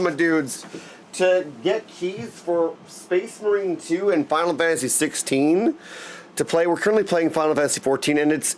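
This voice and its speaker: Brief: high-pitched, excitable male streamer rambling to chat, faint music behind. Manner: excitable, rambling, keeps saying "my dudes". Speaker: game streamer. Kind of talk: casual live stream chat.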